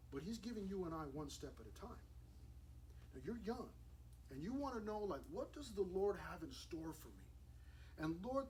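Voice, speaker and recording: A young man, a youth pastor, preaching a sermon at a church service in a lively, casual storytelling way with slang. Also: high voice. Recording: distant mic with faint room noise.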